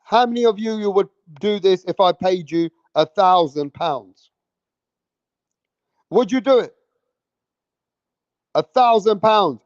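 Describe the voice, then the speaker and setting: High-voiced man goading his stream chat. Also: dry recording, dull audio. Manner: loud, teasing, swears a lot, goads the chat. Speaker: livestream host. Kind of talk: casual livestream chat.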